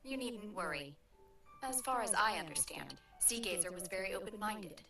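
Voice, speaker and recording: Brief: a cool, measured mountain woman in a game, with music under. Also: medium pitch, animated, gravelly. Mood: calm. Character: calm aloof young woman from the mountains. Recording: distant echoey game audio with music.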